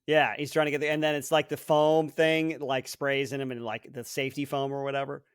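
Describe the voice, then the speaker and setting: A man's voice: mid-range voice, level tone, brisk, clean tone, dry recording. Rambling man thinking aloud, dry sound. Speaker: podcast co-host, quiz contestant. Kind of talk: casual chat.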